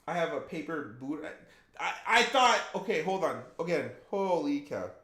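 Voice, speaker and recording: A man's voice: fairly high pitch, animated, normal speed, bright, forceful tone. Chatty male game streamer, echoey room. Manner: chatty, reacts to chat with laughs. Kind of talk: casual game stream chat.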